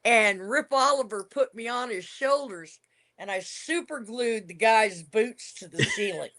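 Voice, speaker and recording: A woman's voice: a little high, lively intonation, a little slow, fairly bright tone. An older woman, a retired wrestler, telling stories from her career in a casual interview. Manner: reminiscing storyteller, emphatic.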